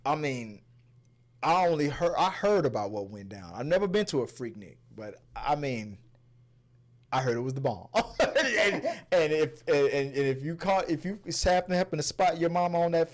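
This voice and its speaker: Halting, chatty man reviewing a film. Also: fairly high pitch. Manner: halting, repeats words, bursts of loud laughter. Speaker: movie review host. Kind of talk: casual review chat.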